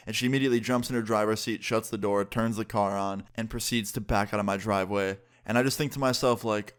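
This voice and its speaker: A man's voice: mid-range voice, brisk, few pauses, fairly bright tone. A young man casually telling a story to his viewers, full of "like" and quoted back-and-forth. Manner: casual, filler-heavy retelling with lots of "like". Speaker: YouTuber telling a story time.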